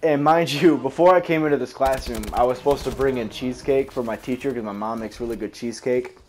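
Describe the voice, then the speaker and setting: Recounting a school memory at length, this young man speaks fast in a mid-range voice that's a little mellow, with fairly even intonation. Slight background noise sits under his casual, rambling telling, which is full of swearing and self-corrections.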